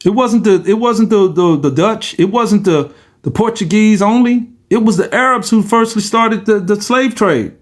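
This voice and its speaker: High-pitched guy from the states rambling at his viewers, keeps saying y'all, trips over words. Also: moderate pace. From United States. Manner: rambling and repetitive, addresses listeners as "y'all", stumbles and restarts words. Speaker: vlogger. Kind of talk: casual direct-to-camera rant.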